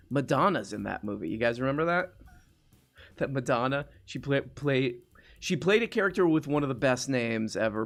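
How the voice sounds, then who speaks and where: A man in his thirties hosts a live call-in stream in an easygoing, rambling way, stopping and restarting his sentences as he reads viewer comments out loud. His voice sits at an ordinary, middle pitch, and faint music runs underneath it. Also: gravelly. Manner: rambling, frequent restarts, reads chat aloud. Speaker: live show host. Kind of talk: casual live-stream chat.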